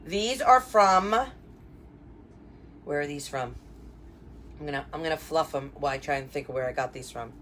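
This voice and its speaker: A woman's voice: low-pitched, moderate pace, pauses often, a bit bright. A woman who designs wreaths, hosting a chatty live craft tutorial and greeting her viewers by name. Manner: chatty and upbeat, many fillers and asides to viewers.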